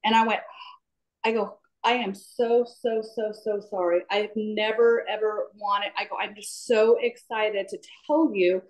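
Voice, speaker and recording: A woman's voice: mid-range voice, steady tone, measured pace, low-quality recording. A woman on a video call, eagerly sharing a personal testimony with an apologetic, rambling manner. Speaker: class participant.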